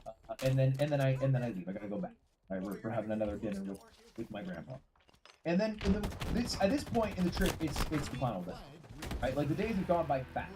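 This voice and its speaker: Guy, lively swinging pitch, casual profane storytelling, game gunfire noise behind. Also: fast talker. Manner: rambling, profane, animated storyteller. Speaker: streamer. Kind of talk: casual storytelling while gaming. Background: game gunfire and ambience.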